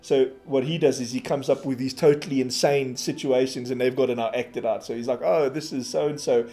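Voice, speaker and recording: A man's voice: medium pitch, a little fast. Laughing South African man, casual storyteller. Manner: animated storyteller, swears freely, laughs often, mimics accents. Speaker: podcast co-host. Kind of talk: casual chat.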